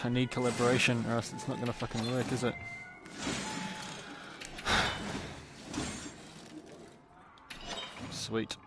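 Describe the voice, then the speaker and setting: A man streaming a game live, swearing often and yelping and shouting at what happens on screen. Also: mid-range voice, completely flat delivery, slow pace, pauses often, noisy background. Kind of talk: live gameplay commentary. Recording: loud game sound behind the voice. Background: loud video game audio.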